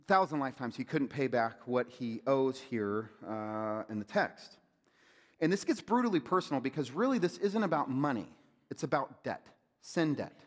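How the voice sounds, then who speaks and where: A male pastor preaching a sermon, swinging from loud urging to hushed near-whispers. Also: medium pitch, big-room sound.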